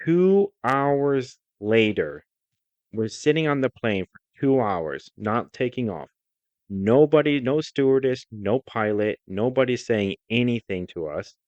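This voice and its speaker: Blunt, wry man with a low voice. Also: a little mellow, no room sound. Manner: blunt, wry, swears casually. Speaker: podcast co-host. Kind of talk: casual chat, storytelling. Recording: dry, slightly dull sound.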